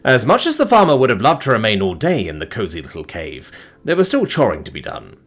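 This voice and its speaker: A man narrating a story in a measured, expressive storytelling manner. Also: medium pitch, soft background music.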